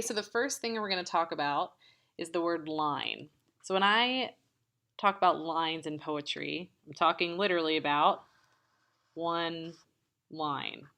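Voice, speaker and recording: A woman teaching a poetry lesson in a low, unhurried voice. Her tone is bright and clear. She explains patiently, step by step, and taps out the rhythm of the lines.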